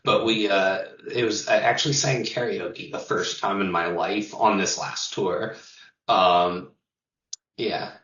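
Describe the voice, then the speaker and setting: A man's voice: deep voice, steady tone, takes it slowly, fairly bright tone, roomy sound, distant mic, muffled recording. A man who sings in a touring metal band, chatting loosely in an interview, swearing and laughing as he talks. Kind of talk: casual interview chat.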